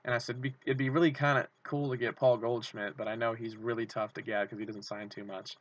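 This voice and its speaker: A young man vlogging, rambling through an excited story and acting out his own shouts. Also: mid-range voice, fairly quick. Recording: dull lo-fi camera audio.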